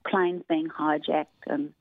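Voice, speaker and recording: Former athlete woman, unhurried, low-pitched, phone-line sound. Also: level tone, no room sound. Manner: hesitant, halting with fillers. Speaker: interview guest, former athlete.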